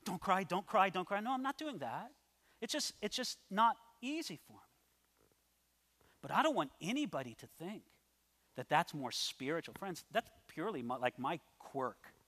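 Bright-voiced pastor preaching in a hall. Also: male voice, a little high, big pitch swings, moderate pace. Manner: earnest, moving between hushed asides and emphatic declarations. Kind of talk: sermon. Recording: long reverb of a large hall.

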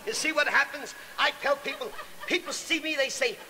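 A man doing a brash stand-up comedy routine with rapid-fire insult jokes. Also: extremely high pitch, bright, forceful tone, a little hiss or hum, low-quality recording.

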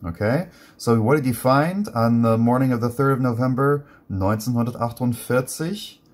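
A man with English as his first language runs a relaxed guided reading lesson, chatty and full of fillers, and reads German aloud in between. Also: medium pitch, normal speed.

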